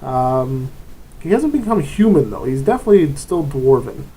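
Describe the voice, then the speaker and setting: A man's voice: medium pitch, very animated, normal speed, dark tone, a little hiss or hum, rough recording. Chatty man hosting a tabletop RPG vlog. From grew up in Germany. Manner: rambling, self-interrupting, chatty. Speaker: tabletop RPG channel host. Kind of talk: casual advice vlog.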